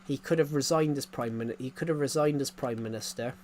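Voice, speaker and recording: Male game streamer, mid-pitched, rambly and repeating himself, light hiss under the voice. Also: fairly quick, a little mellow. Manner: rambling, repeats phrases, frequent chuckles. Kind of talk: casual live-stream chatter.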